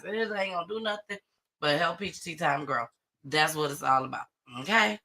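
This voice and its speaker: A woman hosting a casual live-stream gossip show, chatty and animated as she greets viewers. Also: deep voice, moderate pace. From Atlanta area. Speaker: host of a live online gossip and news show.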